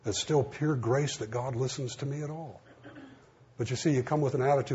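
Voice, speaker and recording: A man's voice: medium pitch, steady tone, brisk, mellow. A middle-aged man preaching a sermon in a folksy, conversational way, acting out the dialogue in his stories. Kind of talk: sermon with storytelling. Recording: dull lo-fi sound with faint hiss.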